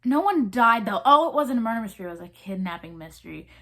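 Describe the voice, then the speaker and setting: Fast and very animated, her fairly high voice comes out pushed and bright. The Southern-accented vlogger, a woman in her 20s, talks casually to viewers in a chatty, rambling way, peppered with ums and likes and restarts as ideas pop up.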